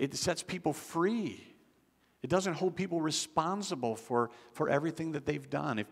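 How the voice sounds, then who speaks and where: A man's voice: fairly high pitch, vocal fry. A man preaching a sermon as pastor, in a conversational style with frequent restarts. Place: church sanctuary. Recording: long church hall reverb.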